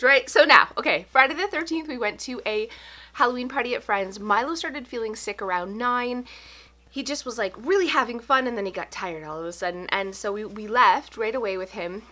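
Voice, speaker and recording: A woman in her thirties telling a story to camera in a casual vlog, animated and breathless, breaking into laughs. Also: on the high side. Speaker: home organizing vlogger.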